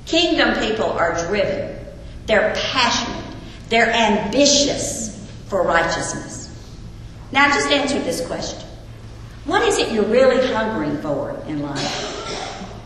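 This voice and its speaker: A woman's voice: a little high, big pitch swings, slow pace, pauses often, fairly bright tone, slight background noise. A woman teaching a Bible lesson to a group, earnest and putting questions to her listeners. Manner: earnest, asks the audience questions. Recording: echoey hall with long reverb, faint ambience.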